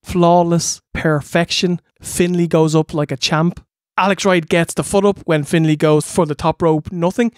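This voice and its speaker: A man's voice: on the high side, no room sound, clean studio sound. A man co-hosting a wrestling review podcast, enthusiastic, swearing and laughing a lot. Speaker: podcast co-host. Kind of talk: comedic wrestling review chat.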